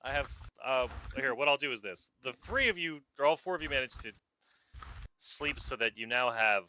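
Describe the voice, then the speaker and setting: A man runs a tabletop game on a live stream, narrating in a rambling way and often cutting himself off. His voice is very bright and sharp. The audio is dull and lo-fi. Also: mid-range voice, expressive, moderate pace, slight background noise. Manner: rambling, self-interrupting narration. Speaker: game master.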